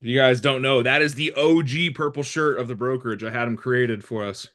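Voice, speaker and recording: Guy running a morning team call from home, jokey and upbeat, mid pitched voice. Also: fairly quick, a bit bright. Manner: joking, teasing, upbeat. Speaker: host of a morning team meeting. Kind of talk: casual team call chat. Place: home, working remotely.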